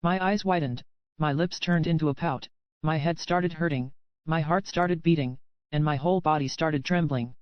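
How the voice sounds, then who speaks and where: A man with a fairly high, smooth voice reads a first-person romance story aloud at an even, measured pace. The sound is dull and muffled, with no room around it. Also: dry recording. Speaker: audiobook narrator. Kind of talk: scripted first-person narration.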